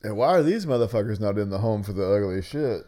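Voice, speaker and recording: A man with a low, mellow voice cracks crude, sarcastic jokes while watching a movie with friends. His delivery swings widely in pitch, and he laughs often. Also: expressive, fast. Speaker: podcast co-host. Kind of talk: casual movie-watching banter.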